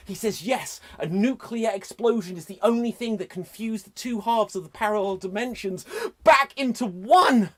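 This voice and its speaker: A man improvising an over-the-top dramatic story, swinging from hushed narration to shouts. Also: high-pitched, moderate pace, hardly any pauses. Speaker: improv performer. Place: live online improv show.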